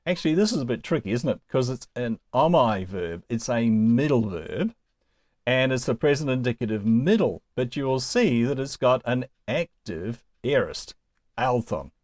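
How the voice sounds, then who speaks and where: Male teacher, earnest and emphatic, mid-pitched, dry close recording. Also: lively intonation, a little slow, darkish tone, no room sound. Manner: earnest, emphatic, with asides to the learner. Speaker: Greek teacher. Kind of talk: recorded video lesson.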